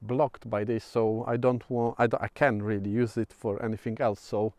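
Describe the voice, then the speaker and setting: Man with a Polish accent, casual vlogger, halting delivery full of fillers, smooth voice, dry close sound. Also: medium pitch, level tone, a little mellow, dry recording. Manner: hesitant, many fillers and restarts. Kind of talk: casual vlog monologue. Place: outdoors at sunset.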